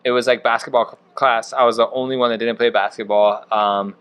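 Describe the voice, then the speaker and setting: A man's voice: medium pitch, steady tone, brisk, fairly bright tone, clear, resonant tone. A man in his thirties from Wisconsin, a chef and restaurant owner, chatting casually on a podcast in a laid-back way full of fillers. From Wisconsin, USA. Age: 30s.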